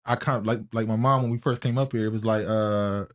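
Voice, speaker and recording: A man from North Carolina with a toned-down Southern accent, co-hosting a casual podcast discussion. He talks in a loose, rambling way and deliberately slows his speech for the mic. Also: fairly low pitch, steady tone. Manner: loose, digressive, frequent restarts. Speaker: podcast co-host.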